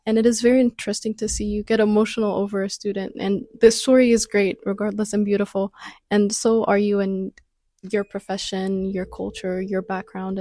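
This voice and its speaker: A woman's voice: mid-range voice, dark tone, dry recording, studio quality. A young woman in her late teens, a student interviewer asking long, polite, admiring questions.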